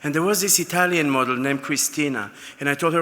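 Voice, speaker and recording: A man gives an acceptance speech, spinning anecdotes with fillers and stumbling restarts. His voice sits fairly high and very bright, almost piercing. It rings with the long reverb of a large banquet hall. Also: quick pace, hardly any pauses, a little hiss or hum. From Israel. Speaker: award recipient.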